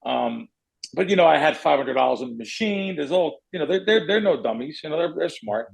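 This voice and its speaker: A middle-aged man with a gravelly, fairly high voice spins a long story as a podcast host. He rambles, stops himself and restarts, and gets animated as he talks. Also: brisk, low-quality recording. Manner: rambling, self-correcting, animated. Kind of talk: casual storytelling.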